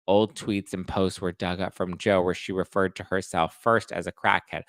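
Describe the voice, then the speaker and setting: A man's voice: sits low, level tone, moderate pace, few pauses, a bit bright, no echo. A man hosting a podcast, chatting casually and with sass while recapping reality TV. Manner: chatty and sassy, acts out quotes. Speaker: podcast host.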